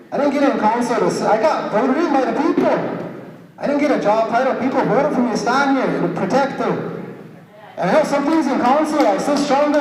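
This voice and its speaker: A man's voice: very high-pitched, a little mellow. A man speaking as a tribal councilman at a public meeting, angry and blunt, stumbling over repeated words when heated. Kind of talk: impassioned public speech at a meeting. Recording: echoey hall sound from far off.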